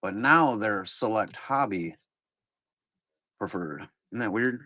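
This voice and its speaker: A man's voice: fairly low pitch, expressive, slow, sharp tone, no room sound, clean studio sound. A middle-aged man, casually rambling to chat viewers while opening card boxes on a live stream. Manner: rambling, laid-back, talks to chat viewers.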